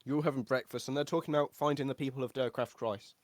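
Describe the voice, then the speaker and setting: A man running a tabletop game as dungeon master for a live stream, playful and quick to laugh. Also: mid-range voice, fairly even intonation, no echo.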